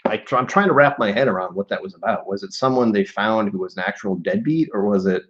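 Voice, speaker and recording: A man's voice: lowish voice, fast talker. A man chatting casually on a live stream and reading poetry aloud, rambling and muttering asides to himself. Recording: dull lo-fi stream audio.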